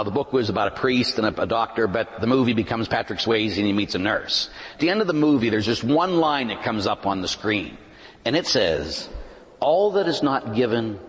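A man preaching a sermon as a pastor, swinging between loud emphatic lines and hushed asides. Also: on the low side. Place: large church. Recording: long church reverb.

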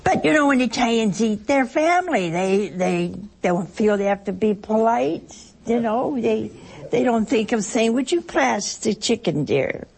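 Woman preacher with a slow, homely, storytelling delivery and a gravelly edge. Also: fairly high pitch, a little mellow, rough recording. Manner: chatty, anecdotal, chuckling asides. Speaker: religious speaker. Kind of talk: televised spiritual talk to listeners.

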